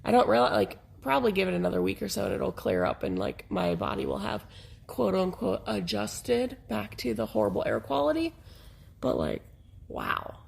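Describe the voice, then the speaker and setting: A congested woman co-hosting a casual podcast, her voice hoarse with a heavy gravelly fry. She talks frankly and laughs often, with a husky, raspy edge to every word. Her pitch sits in the middle range for a woman. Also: big pitch swings, moderate pace, a little mellow. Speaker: podcast co-host. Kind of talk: casual chat.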